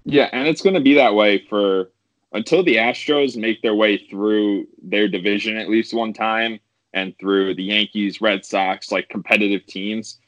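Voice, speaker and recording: A man's voice: lowish voice, measured pace, no room sound, rough recording. Laid-back man podcast co-host. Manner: laughs easily, relaxed banter. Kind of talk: casual sports chat.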